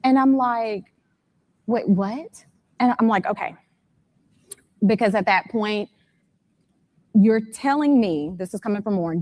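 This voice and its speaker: A woman's voice: mid-range voice, a little slow, long pauses, a little mellow, lo-fi sound. A woman speaking as an interview guest, a mother telling events step by step in detail and growing urgent and frantic. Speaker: guest, mother of a missing son.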